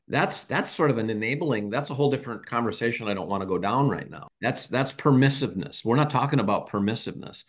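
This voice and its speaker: A man's voice: on the low side, normal speed, few pauses. A man on a parenting podcast, talking casually and animatedly, acting out bits of dialogue as he explains. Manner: animated storyteller, acts out dialogue.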